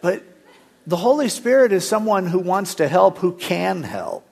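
A middle-aged man preaching a sermon as pastor, telling stories and acting out the dialogue in lively voices. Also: high voice, unhurried, vocal fry.

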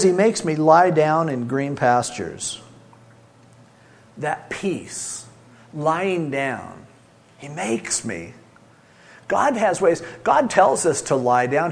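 A middle-aged man preaching a sermon, swinging between loud emphasis and soft, soothing asides. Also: medium pitch. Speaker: pastor.

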